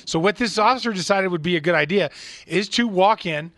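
A man co-hosting a talk radio show, reading from a news article and reacting with animated indignation. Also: fairly quick, no room sound. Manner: indignant, animated, rising pitch when outraged.

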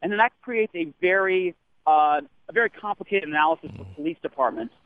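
A man's voice: a little high, fairly quick, no room sound. A man calling in to a radio show, speaking carefully and hedging like a lawyer. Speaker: caller. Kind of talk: phone-in commentary. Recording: phone line.

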